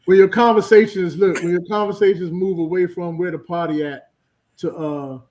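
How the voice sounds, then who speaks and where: A man's voice: high-pitched, normal speed, slight background noise, low-quality recording. A man joking among old friends in casual chat, telling funny stories with lots of laughter. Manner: animated, joking, laughing storyteller. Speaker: friend on a talk show.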